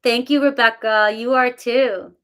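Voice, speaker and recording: Chatting casually with live viewers, a middle-aged woman who reads tarot uses a fairly high, slightly bright voice with fairly even intonation and a measured pace. Self-mocking and quick to laugh, she thanks people individually by name.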